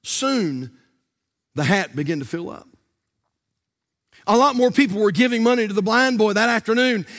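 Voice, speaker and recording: An older man, preaching a sermon from a church pulpit in a fervent, sing-song cadence that rises to shouts. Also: high-pitched, expressive, moderate pace, long pauses. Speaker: pastor.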